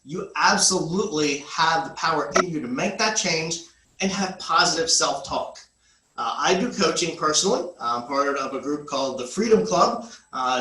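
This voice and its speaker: A man's voice: a little high, sharp tone, roomy sound, low-quality recording. A man teaching a class to real estate agents, talking in an upbeat, conversational way with frequent filler "uh"s. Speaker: instructor.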